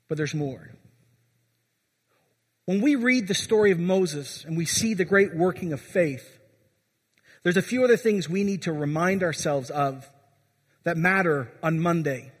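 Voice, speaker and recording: A man's voice: a little high, breathy edge. A man preaching a sermon as pastor, urging his congregation and asking them questions. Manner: exhorting, asks the congregation questions. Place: church. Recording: long church reverb.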